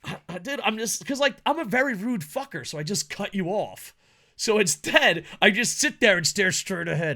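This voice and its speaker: A man co-hosting a podcast in casual chat, loud and laughing, swearing through fast banter. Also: high voice, expressive. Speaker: podcast co-host.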